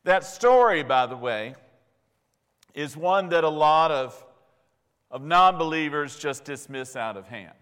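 Male pastor, slow emphatic sermon delivery, fairly high voice, long church reverb. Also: lively intonation, a bit bright, smooth. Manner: slow, emphatic preaching with dramatic pauses. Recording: long reverb of a large hall.

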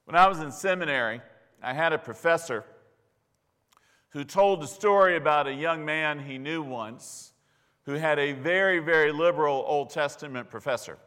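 Male pastor, slow emphatic sermon delivery, fairly high voice, long church reverb. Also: sharp tone. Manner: slow, emphatic preaching with dramatic pauses. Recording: long reverb of a large hall.

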